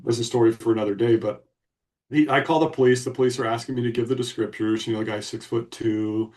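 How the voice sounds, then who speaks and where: A man's voice: lowish voice, a little mellow, recorded from a distance. A man co-hosting a podcast, telling a story in a blunt, emphatic way. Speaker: podcast co-host. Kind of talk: casual storytelling.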